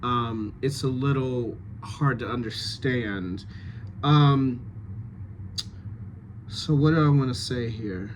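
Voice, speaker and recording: A man reads out rehearsal notes to his cast, pausing often as he thinks them through. He speaks at an unhurried, deliberate pace. A faint room ambience sits under his voice. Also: mid-range voice, slight background noise. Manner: thinking aloud, halting, many fillers. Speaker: dialect coach giving notes.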